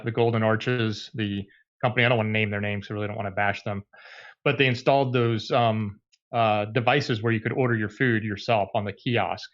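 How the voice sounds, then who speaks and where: A man's voice: fairly low pitch, a bit bright. Rambling man on a muffled mic. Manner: rambling, full of ums and restarts. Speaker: co-host. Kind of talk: casual chat.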